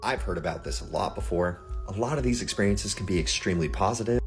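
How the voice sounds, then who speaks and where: A man's voice: low-pitched, fast talker, soft background music. A man talking casually to his viewers in a vlog, chatty and often checking in with them. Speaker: social media creator.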